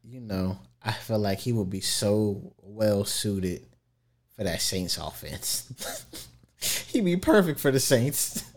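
A man co-hosting a casual sports chat, animated and conversational, making his case with quick asides. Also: on the low side. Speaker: sports podcast co-host.

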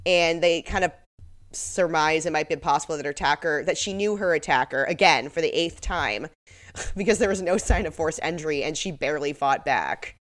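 A woman's voice: low voice, normal speed. A woman co-hosting a podcast in casual chat, sarcastic and laughing often. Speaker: podcast co-host.

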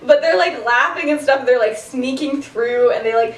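A woman's voice: sits high, moderate pace. A young woman casually retelling a story to a co-host, giggly and chatty with lots of "like". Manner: giggly, chatty, heavy use of "like". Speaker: podcast co-host. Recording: roomy, distant mic.

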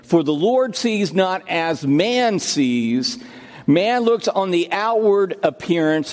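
A man's voice: sits high, lively intonation, takes it slowly, a little mellow, big-room sound. A man who is senior pastor, preaching a sermon and telling stories, often repeating his words and restarting phrases. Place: church sanctuary.

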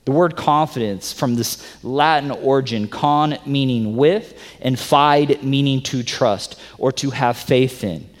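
A male pastor preaching a sermon, swinging from loud emphatic stretches to soft hushed ones. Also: medium pitch, measured pace, few pauses. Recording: long hall reverb.

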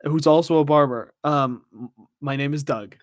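A man's voice: a little high, normal speed, no echo, lightly acted. A man playing a polite but flustered male shop clerk in an improvised comedy sketch, stammering and giggling. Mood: defensive.

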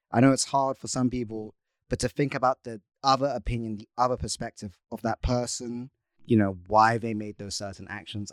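Low-voiced young man giving earnest advice. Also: no room sound, clean studio sound. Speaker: podcast co-host. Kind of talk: casual chat.

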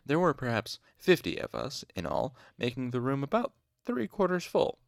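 A man's voice: mid-range voice, wildly swooping pitch, normal speed, vocal fry, dry recording, studio quality. A young man reading a novel aloud at home in a casual, informal way, now and then stopping for asides and corrections. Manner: informal, stops to make whispered asides and corrections. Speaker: amateur audiobook reader. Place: home room.

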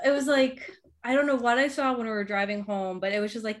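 A woman's voice: fairly high pitch, animated, moderate pace, a crowd in the background. A woman in her thirties from the Boston area talks in a loose, chatty way. She leans on "like" fillers and laughs often as she talks. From Boston area, Massachusetts. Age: 30s. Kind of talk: casual chat.

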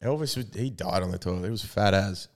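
A young man, chatting as a podcast co-host. His voice sits on the low side, and he teases and laughs his way through loose, sweary banter. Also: quick pace. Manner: teasing, laughs often, swears casually. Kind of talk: casual banter.

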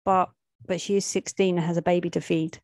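A woman reading a gritty street story aloud in a plain, steady voice, slipping in street slang. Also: fairly low pitch, fairly quick, no echo. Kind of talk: reading a gritty first-person-style short story aloud.

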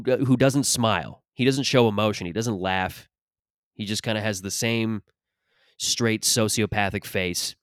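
A man's voice: on the low side, no room sound, studio quality. A man hosting a podcast, talking in a casual, profane, rambling comic monologue that drifts between topics, a little short of breath. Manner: profane, rambling, restarts often. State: short of breath after an allergic reaction. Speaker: podcast host and stand-up comic.

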